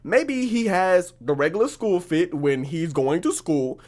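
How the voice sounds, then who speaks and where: Lively slangy young woman creator. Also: lowish voice, measured pace. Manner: slangy, animated, laughs often. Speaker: video creator, artist. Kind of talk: casual chatty commentary.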